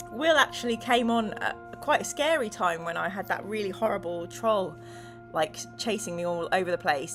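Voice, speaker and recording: A lively woman streamer reads an adventure gamebook aloud and turns to banter with her chat. Her delivery is playful and theatrical, her pitch sits in an ordinary middle range, and clear music plays behind her. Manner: animated, playful and dramatic, chatting with viewers. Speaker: streamer and host.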